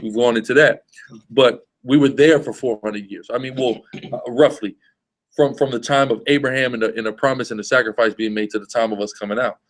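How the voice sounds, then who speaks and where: A man's voice: medium pitch, steady tone, a little fast, low-quality recording. Guy preaching to a small group, emphatic, keeps asking "you see what i'm saying". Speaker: street preacher teaching a group. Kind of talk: informal religious teaching.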